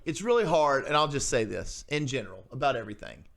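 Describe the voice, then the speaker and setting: A man's voice: mid-range voice, big pitch swings, quick pace, gravelly, fairly bright tone. A man, chatting casually as a podcast co-host, rambling and restarting his sentences. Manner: rambling, restarts sentences, acts out quoted voices. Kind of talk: casual chat.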